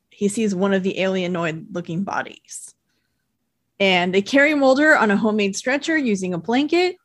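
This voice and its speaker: Relaxed woman recapping a show. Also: mid-range voice. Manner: relaxed, narrates plot summary from notes. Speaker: podcast co-host. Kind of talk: casual chat recapping a TV episode.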